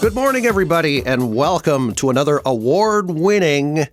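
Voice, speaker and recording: A man's voice: a little high, very animated, moderate pace, dry recording, soft background music. A man hosting a podcast, talking in an emphatic, exasperated casual chat. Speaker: podcast host.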